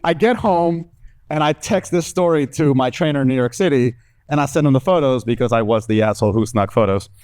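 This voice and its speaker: A young man from Mexico doing a stand-up comedy set on stage, telling animated stories and acting out other people's voices with big jumps in pitch. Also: brisk, clean tone. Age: young adult. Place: comedy stage before a live audience.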